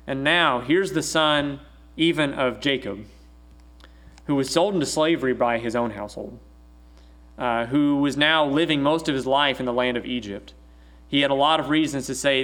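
A man's voice: fairly high pitch, normal speed, fairly bright tone. A man from Arkansas in the US South preaching a sermon, conversational and emphatic as he reads scripture. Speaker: pastor.

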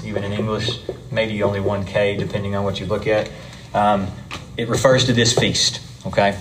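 A man's voice: on the low side, fairly bright tone. A man preaching to a congregation, explaining scripture in a conversational way with frequent asides. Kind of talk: Bible teaching to a congregation.

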